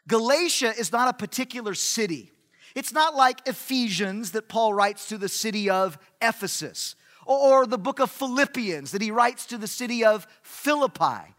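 A man preaching a sermon in a church hall, animated and emphatic with humorous asides. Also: sits high.

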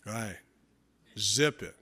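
A male pastor preaching a sermon, reading scripture and acting out the quoted lines with lively changes of pitch and loudness. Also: very slow, breathy edge. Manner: animated preaching, acts out quotes with shifting pitch and volume.

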